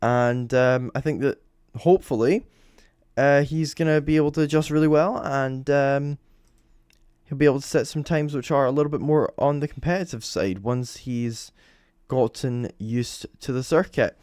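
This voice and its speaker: Young Scottish man, casual livestream commentator, mid pitch, dry close sound. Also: normal speed, a little mellow, clean tone, no room sound. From Scotland. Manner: rambling, chatty, lots of ums and self-corrections. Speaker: motorsport livestream host. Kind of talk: live commentary over timing screens.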